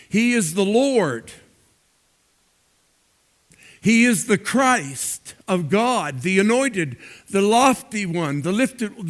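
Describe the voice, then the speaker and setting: A man preaching a sermon as pastor, slow and emphatic, repeating words for stress. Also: high-pitched.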